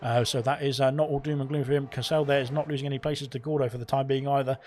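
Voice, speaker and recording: A man's voice: mid-range voice, little pitch movement, quick pace, darkish tone. A man giving live commentary on an online racing league, rambling with many fillers and self-corrections. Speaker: esports race commentator.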